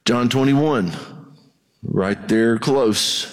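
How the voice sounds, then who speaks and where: A man preaching a sermon, conversational and animated, acting out the voices of the people he quotes. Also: medium pitch, very slow. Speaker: pastor. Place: church. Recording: long reverb of a church hall.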